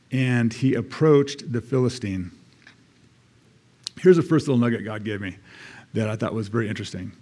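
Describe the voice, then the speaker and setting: A man's voice: mid-range voice, a little mellow. An American man, a church elder, giving a conversational sermon, reading scripture aloud and adding casual asides.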